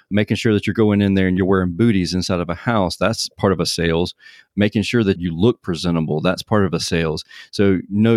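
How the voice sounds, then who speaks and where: A very low-voiced man hosts a podcast. He sounds agreeable and earnest, and he lays out his points plainly. His voice is close and dry, with no room sound. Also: no room sound. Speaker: podcast host. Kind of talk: casual podcast conversation.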